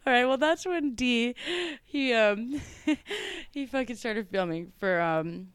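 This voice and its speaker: A woman's voice: on the high side, animated, takes it slowly, clear, resonant tone, dry recording. A woman in a casual talk chat, telling a story loosely with lots of "like" and acting out what others said. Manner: chatty, peppered with "like", acts out others' lines. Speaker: podcast guest recounting a story.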